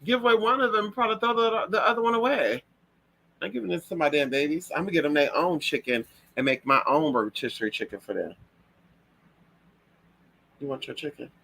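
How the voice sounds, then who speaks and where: A fast-talking man hosts a casual gossip livestream, telling stories in a sassy, profane, animated way. He breaks into shrill voices whenever he mimics people and birds.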